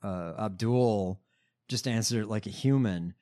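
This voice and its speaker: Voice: mid-range voice, a little slow, warm tone. A co-host in a casual political chat who talks in a laid-back, wry and hesitant way, full of restarts. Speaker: podcast co-host.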